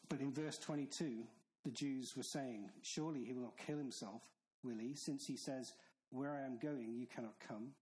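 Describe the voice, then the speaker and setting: A man's voice: mid-range voice, steady tone, normal speed, darkish tone, rough recording. A man preaching a sermon in an earnest, stern manner, with emphatic repetition. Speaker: pastor.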